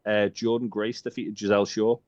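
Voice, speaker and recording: A low-voiced man co-hosts a chatty podcast, swearing freely and wandering between jokes and filler ums. The recording sounds dull and dry, with little room around it. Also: level tone, fairly quick, a little mellow, no room sound. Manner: sweary, jokey, rambling with many ums. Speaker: podcast co-host. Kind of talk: casual chat.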